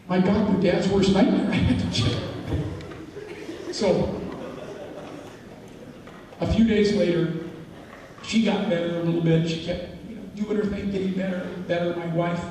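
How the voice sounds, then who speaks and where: A middle-aged father giving an emotional, halting personal testimony to a school assembly. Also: high voice, darkish tone, a little hiss or hum. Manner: emotional, halting, with repeated phrases. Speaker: father giving a talk to students. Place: large indoor hall, school assembly. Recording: echoey hall from far off.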